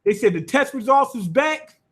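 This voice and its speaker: A man's voice: very high voice, expressive, normal speed, fairly bright tone. A man casually reviewing a manga chapter, rambling and swearing freely, amused by the story. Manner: rambling, profane, loose and amused.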